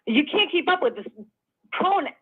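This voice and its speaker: Thirties woman caller from Brooklyn, high voice, rambling and excitable, tinny phone line. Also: moderate pace. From Brooklyn, New York. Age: 30s. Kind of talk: casual phone call.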